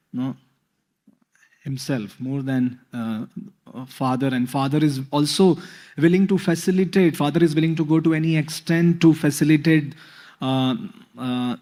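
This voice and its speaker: A man giving a scripture talk, pausing often with fillers. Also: on the high side, warm tone. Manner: hesitant, many fillers. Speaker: spiritual speaker.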